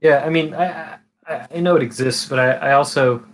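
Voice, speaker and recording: A man's voice: on the high side, moderate pace. A man with a Californian accent hosting a livestream chat, rambling with many restarts and casual swearing. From California, USA. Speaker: livestream host.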